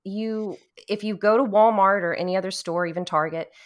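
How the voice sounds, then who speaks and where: A woman from Louisiana chats casually as a co-host, telling stories with plenty of animation. She laughs often and her voice sits at an ordinary middle pitch. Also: steady tone, fairly quick. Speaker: podcast co-host. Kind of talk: casual chat about a video game.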